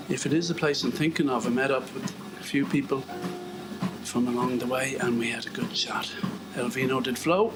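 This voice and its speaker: A man's voice: mid-range voice, normal speed, pauses often, poor audio. An Irish man musing as he works out on a treadmill, rambling and self-mocking and often dropping to a murmur. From Ireland. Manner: self-mocking and rambling, murmurs asides under his breath. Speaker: video blogger. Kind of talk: musing commentary while exercising. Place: indoors on a treadmill. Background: calm instrumental music.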